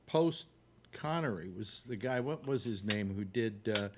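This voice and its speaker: An older man hosting a casual panel chat, telling stories in a rambling way with halting restarts and laughs. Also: fairly low pitch, animated, noisy background. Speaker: radio talk show host.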